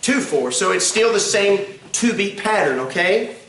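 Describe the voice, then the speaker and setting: A man's voice: high-pitched, animated, a little slow, a bit bright, recorded from a distance, slight background noise. A man teaching song leading in a classroom, counting beats and singing hymn lines to demonstrate. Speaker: music instructor. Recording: echoey room, recorded from afar.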